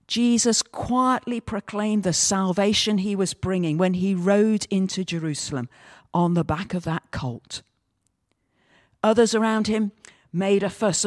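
A woman pastor giving a measured, reflective sermon that weaves in a story. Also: lowish voice, darkish tone, no room sound, studio quality.

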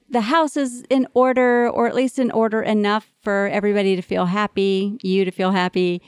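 A middle-aged woman hosts a podcast with a clear, resonant, medium-pitched voice at a moderate pace, recorded in a clean studio with no echo. She speaks earnestly and with animation straight to listening parents in an encouraging monologue.

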